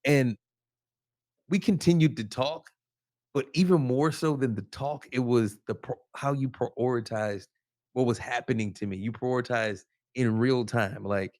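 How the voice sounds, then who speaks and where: A man's voice: medium pitch, measured pace, a little mellow, dry recording, clean studio sound. Enthusiastic man cheering on his co-host. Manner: enthusiastic affirmations, storytelling. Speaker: podcast co-host. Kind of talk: casual faith podcast chat.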